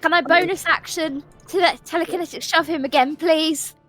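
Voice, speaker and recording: A woman's voice: very high voice, faint music behind. A woman playing in a tabletop game, declaring her character's moves and joking with the table. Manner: expressive, unhurried, jokey complaints. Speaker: player. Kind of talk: casual chat at a tabletop game.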